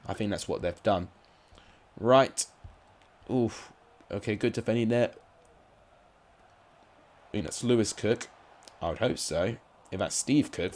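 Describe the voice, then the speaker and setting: Man, fairly low voice, very animated pitch, rambling casual stream commentary. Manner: chatty, rambling, with frequent ums and asides to viewers. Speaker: streamer commentating simulated football matches.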